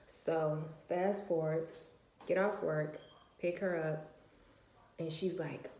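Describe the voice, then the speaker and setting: A woman's voice: low voice, steady tone, slow pace, darkish tone. A woman telling a personal story in a casual vlog, blunt and emphatic, with slang and swearing, and acting out other people's lines. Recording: echoey room.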